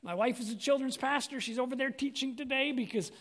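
High-voiced guy preaching, earnest, keeps asking the church stuff. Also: a little fast, fairly bright tone. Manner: earnest, asks the congregation questions. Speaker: pastor. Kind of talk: sermon.

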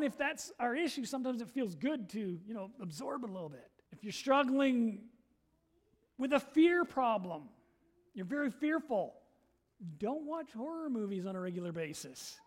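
A middle-aged male pastor preaching a sermon, earnest and emphatic, pushing some lines out loud and dropping others to near a murmur. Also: very high voice, big pitch swings, unhurried. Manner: earnest, emphatic, swings between loud stresses and quiet drops.

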